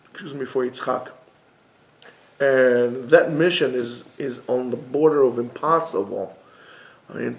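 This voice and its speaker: Guy teaching a torah class, kinda raspy, leans hard on his points, roomy echo. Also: medium pitch. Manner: emphatic, repeats key phrases for stress. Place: classroom in a basement yeshiva. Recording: echoey room.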